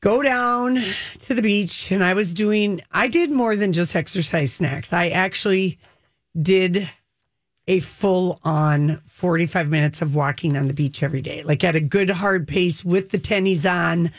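A middle-aged woman telling a lively story in casual chat, her pitch leaping up for emphasis. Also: measured pace, no room sound, studio quality. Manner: animated storyteller, exaggerated pitch jumps.

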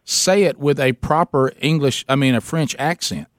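A man's voice: medium pitch, normal speed, no echo, clean studio sound. A man hosting a call-in radio show, playful and teasing, laughing often. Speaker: radio talk show host. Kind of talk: casual call-in radio banter.

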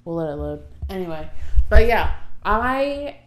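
A woman's voice: medium pitch, sing-song, unhurried. A woman co-hosting a podcast, chatting casually and joking, with some swearing. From Ohio, USA. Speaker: podcast co-host. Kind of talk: casual chat.

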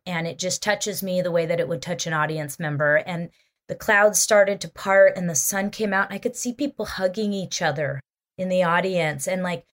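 A woman musician with a fairly low-pitched voice appears as a guest on an interview show, telling a story in an animated, expressive way.

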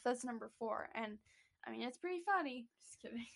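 A woman's voice: on the high side, expressive, a little fast, creaky. Giggly, chatty young-sounding woman podcaster. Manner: chatty, giggly, says "like" a lot. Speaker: podcast co-host. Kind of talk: casual chat.

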